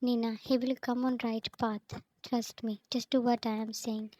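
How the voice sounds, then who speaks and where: A woman reading the lines of a pushy, scheming young woman friend in a storybook, in a flat, even way. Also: a little high, normal speed, lightly acted, low-quality recording. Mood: insistent.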